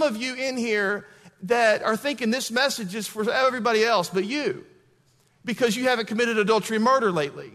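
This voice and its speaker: A man's voice: extremely high pitch, fairly quick, a bit bright, long reverb tail. A man preaching a sermon as a pastor, conversational and building to emphatic peaks.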